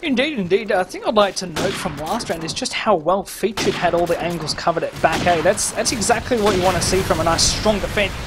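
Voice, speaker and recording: A man doing live play-by-play commentary on a competitive shooter match, excitable and stumbling over repeated words. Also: high-pitched, brisk, few pauses. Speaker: esports shoutcaster. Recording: noisy game audio underneath.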